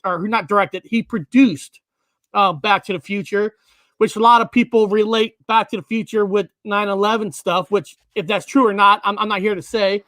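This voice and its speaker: A man hosting a podcast, chatting casually with his guest, halting with frequent uhs and self-corrections. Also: high-pitched, pushed and bright, dry recording. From United States, Washington state. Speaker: podcast host. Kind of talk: casual interview chat.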